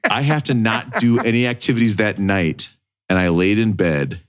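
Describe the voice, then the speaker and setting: A man's voice: fairly low pitch, normal speed, smooth. A man in his twenties, a podcast co-host, telling a long story in a casual, self-mocking way with plenty of swearing. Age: 20s.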